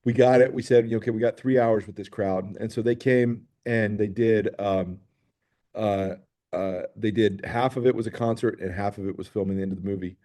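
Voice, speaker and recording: Male director guest, middle-aged, low and warm, eager storyteller who restarts often. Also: steady tone, normal speed. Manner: enthusiastic storytelling with many restarts. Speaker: film director and producer, guest. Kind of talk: interview chat.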